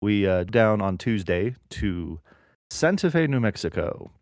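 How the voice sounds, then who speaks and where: A man's voice: lowish voice, big pitch swings, unhurried, no room sound, clean studio sound. A man in his thirties co-hosting a podcast, chatting in a playful, jokey way. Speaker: podcast co-host. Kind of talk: casual chat.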